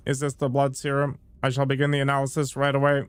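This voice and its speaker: A man's voice: mid-range voice, monotone, fast talker, smooth, natural voice. Man reading as a dutiful servant scientist. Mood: formal. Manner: formal and deferential.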